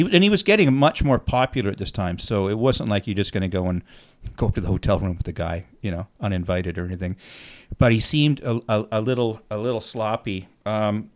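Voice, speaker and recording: Animated middle-aged man telling stories. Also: mid-range voice. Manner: animated, acts out quoted dialogue, swears freely. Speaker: musician telling stories on his own podcast. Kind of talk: casual storytelling.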